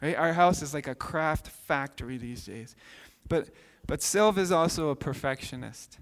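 A man in his thirties, a pastor preaching a sermon with animated storytelling, acting out voices. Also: fairly high pitch, normal speed. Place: church sanctuary. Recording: long hall reverb.

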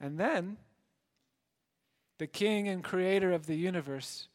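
A man preaching a sermon as a dramatic story, shifting between loud emphasis and hushed moments. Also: sits high, takes it slowly. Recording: long hall reverb.

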